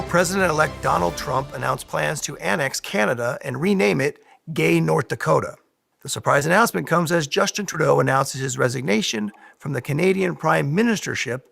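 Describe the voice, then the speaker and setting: A man reading a satirical news broadcast as the anchor, in a deadpan delivery. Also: fairly high pitch, vocal fry, slightly rough, dry recording.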